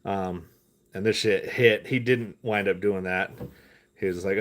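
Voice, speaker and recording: A man's voice: low-pitched, steady tone, unhurried, a bit bright. A man talking casually on a live stream about stocks, loose and profane, drifting off topic with laughing asides. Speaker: stock-talk vlogger. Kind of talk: rambling live stream chat.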